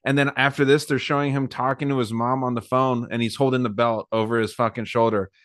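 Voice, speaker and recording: A young man chats excitedly on a podcast, swearing freely as he talks. His voice sits at a middling pitch. The mic is close and dry. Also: brisk, no echo. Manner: excited, swearing, quoting in raised voice. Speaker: podcast co-host. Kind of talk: casual podcast chat.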